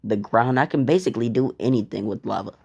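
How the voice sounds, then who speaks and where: Man doing a bragging teen hero, casual, swears, mellow tone. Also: mid-range voice, fast, creaky, slightly rough, lo-fi sound. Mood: boastful. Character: cocky teen boy hero with lava powers.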